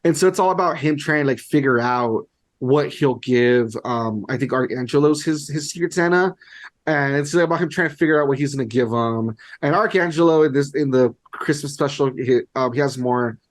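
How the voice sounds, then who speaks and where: A man's voice: mid-range voice, normal speed. A young man co-hosting a podcast in casual chat, rambling, amused and full of "like". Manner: rambling, heavy use of "like", amused. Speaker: podcast co-host.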